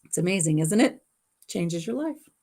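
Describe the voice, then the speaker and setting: A woman's voice: lowish voice, sing-song, moderate pace, darkish tone. A middle-aged woman at home telling a personal family story to her livestream viewers in a rambling, emotional way. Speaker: livestream host. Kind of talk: casual storytelling chat.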